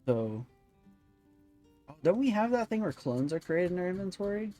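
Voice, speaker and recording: A man's voice: sits high, very animated, moderate pace, dark tone, soft background music. A man hosting a let's-play video, rambling and thinking aloud with many fillers. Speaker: gaming channel host.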